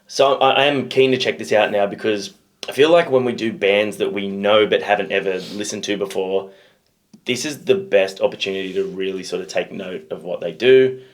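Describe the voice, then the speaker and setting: A man's voice: on the low side, normal speed. A man with an Australian accent co-hosting a music reaction show, chatting in an easygoing, self-deprecating way. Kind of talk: casual chat.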